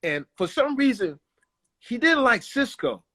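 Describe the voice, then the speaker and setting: A man telling stories as a guest in a casual interview, animated and quick to slip into voices. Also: very high-pitched. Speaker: guest, comedian and actor. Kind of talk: casual storytelling.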